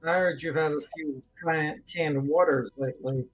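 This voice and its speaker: A man's voice: on the high side, fairly even intonation, dull audio. Teasing man on a stream panel. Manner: teasing, halting with restarts. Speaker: panel guest. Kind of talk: casual livestream chat.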